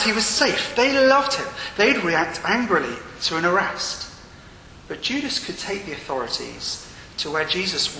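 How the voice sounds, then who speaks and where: A man delivers a sermon with a bright, forceful voice set a touch high. He speaks earnestly, with emphasis that rises and falls. The sound carries a long, echoing hall reverb and faint room noise. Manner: earnest, with rising and falling emphasis. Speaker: preacher.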